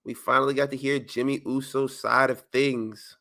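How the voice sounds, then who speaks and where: A man co-hosting a wrestling podcast, casually retelling events with animated, laughing storytelling. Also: mid-range voice, moderate pace, gravelly. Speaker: podcast co-host.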